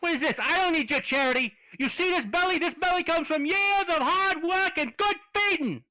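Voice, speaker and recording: A scrappy caged raccoon with a loud, pushed-up voice, all street slang and threats, as a man puts him on. He sounds bright and cutting, and the recording is dry and close. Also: very high voice, fairly quick, dry recording, voice pushed up, exaggerated voice, rough recording. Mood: indignant. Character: belligerent wise-guy male raccoon in a cage.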